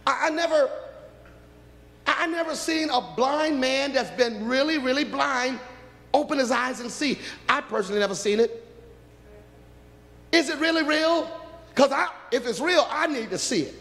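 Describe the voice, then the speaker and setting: High-voiced shouting preacher in a hall. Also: male voice, normal speed, vocal fry, long pauses. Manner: impassioned, climbing into shouts. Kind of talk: sermon. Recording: reverberant hall.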